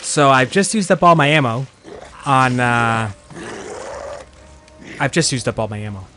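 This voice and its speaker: Soft music plays behind a man whose mid-range voice is unhurried, lively in intonation, and pushed and bright. He streams a video game with casual, rambling commentary full of "like" fillers, jumping in reaction to surprises.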